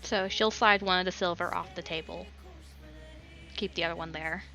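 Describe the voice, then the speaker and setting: A woman's voice: lowish voice, fairly even intonation, moderate pace, creaky, sharp tone, faint music behind. A woman game master narrating a tabletop game in a casual, filler-heavy way.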